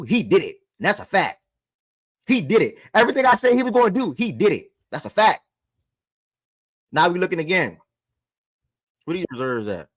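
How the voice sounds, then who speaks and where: A man in his twenties hosting a casual sports talk show, animated, swearing and talking straight to viewers. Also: high-pitched, no room sound, studio quality. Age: 20s.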